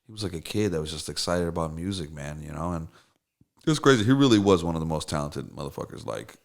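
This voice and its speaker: A man's voice: a bass voice, animated, fast talker, vocal fry. A man who is a songwriter and producer, talking as a guest in a casual interview, rambling with fillers, restarts and swearing. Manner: loose, rambling, profane, many fillers and restarts.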